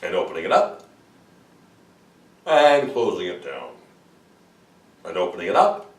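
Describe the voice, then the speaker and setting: A man teaching vocal warm-up exercises as a voice coach and demonstrating the sounds himself. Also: huge pitch swings, a little slow, roomy sound, distant mic. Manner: demonstrates sung vocal exercises, swooping high to low.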